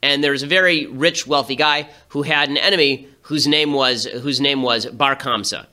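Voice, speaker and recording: A man hosting a podcast, delivering political commentary in a rapid, sarcastic, animated way. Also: medium pitch. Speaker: podcast host.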